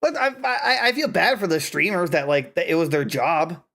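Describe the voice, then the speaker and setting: A man's voice: fairly high pitch, big pitch swings, moderate pace, vocal fry, bright, forceful tone. A man co-hosting a casual gaming podcast who rambles, restarts his sentences and swears when he gets worked up. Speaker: podcast co-host. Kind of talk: casual chat.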